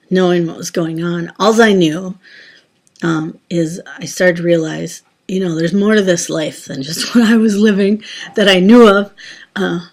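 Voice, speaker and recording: An adult woman who used to be a teacher shares her Christian testimony in a lowish, slightly mellow voice. She tells her faith story casually and ramblingly, with lots of fillers and restarts.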